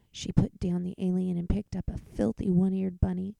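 A woman's voice: lowish voice, flat delivery, moderate pace, gravelly, few pauses, warm tone, breathy edge, no echo, low-quality recording. A woman reading a children's picture book aloud expressively, whispering each page turn. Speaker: narrator.

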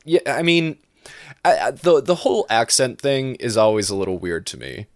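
A man's voice: medium pitch, animated, normal speed, no echo, studio quality. A man chatting casually as a podcast host, rambling with lots of restarts and laughs. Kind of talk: casual chat.

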